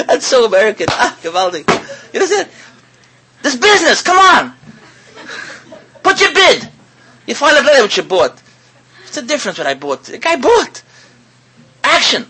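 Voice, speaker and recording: A man giving a sermon to an audience as a rabbi, animated and full of rhetorical questions, repeating his words and mixing in Hebrew and Yiddish terms. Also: very high-pitched, normal speed, long pauses, husky, poor audio.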